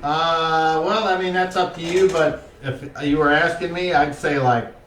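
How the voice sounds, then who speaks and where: A man narrating a tabletop game in a loose, profane, rambling way. His voice sits slightly high. It is picked up from across a roomy space with faint background hum. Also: steady tone, unhurried, a bit bright. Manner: casual, profane, rambling with fillers. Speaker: game master. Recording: roomy distant mic, faint ambience.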